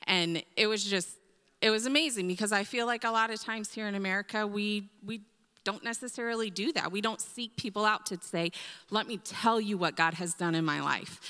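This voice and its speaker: A woman sharing a mission trip testimony with her church, speaking hesitantly with many pauses and ums. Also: mid-range voice, bright, forceful tone. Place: church sanctuary. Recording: long hall reverb in a church.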